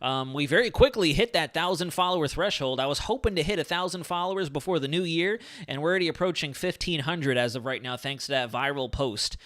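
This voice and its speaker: A man hosting a live weather stream in a casual, excitable, rambling way, his speech a little slurred from a sore lip. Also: a little high, fairly quick, few pauses. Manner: chatty, excitable, rambling asides. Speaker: weather livestream host. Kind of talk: casual livestream weather talk.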